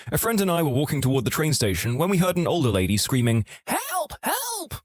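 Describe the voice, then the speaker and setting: Male story narrator, scripted reads, animated intonation, mid pitch. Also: no echo, clean studio sound. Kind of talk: scripted narration of online stories.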